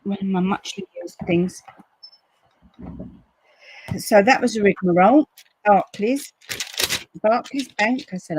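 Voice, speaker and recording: A woman hosting a live crafting stream, chatting casually and acting out quotes in a lively way. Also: takes it slowly, long pauses, husky, no echo, poor audio. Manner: chatty storyteller, acts out quotes with big pitch jumps. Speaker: crafting livestream host. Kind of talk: casual chat to live viewers.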